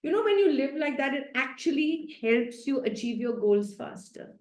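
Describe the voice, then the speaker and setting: A woman's voice: sits high, sing-song, normal speed, darkish tone. A woman, a happiness coach giving a chatty, playful self-care talk over a video call, often laughing and coaxing her listeners.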